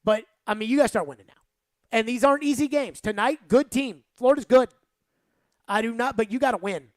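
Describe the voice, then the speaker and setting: A woman's voice: on the high side, a little fast, no echo. A woman hosting sports talk radio, giving rambling, emphatic opinions and saying "like" a lot.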